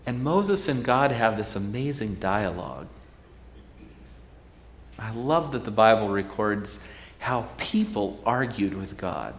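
Slow-talking, wry male preacher. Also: fairly low pitch, lively intonation, roomy sound, big-room sound. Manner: conversational, wry, leans into stories. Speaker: pastor. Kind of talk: sermon.

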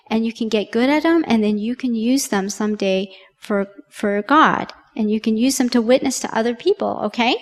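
A woman tells a children's story sermon in a chatty way, often turning to the kids with questions. Her voice sits fairly high. A long hall reverb trails her words. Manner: warm, conversational, addressing children with questions.

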